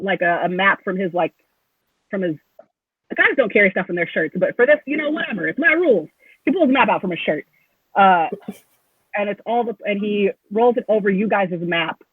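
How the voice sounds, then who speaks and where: A woman's voice: mid-range voice, normal speed, husky, no room sound. A woman narrating as game master of a tabletop game in a loose, rambling way. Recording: tinny phone-like line.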